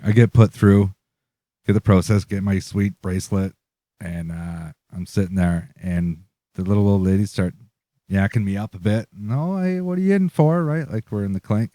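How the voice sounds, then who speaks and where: A man with a low-pitched voice tells a rambling story on a podcast, swearing freely and laughing along the way. The sound is very dry and close, with no room around it. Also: fairly even intonation, normal speed, warm tone, dry recording. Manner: loose, profane storytelling with laughs. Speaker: podcast co-host. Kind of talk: casual chat.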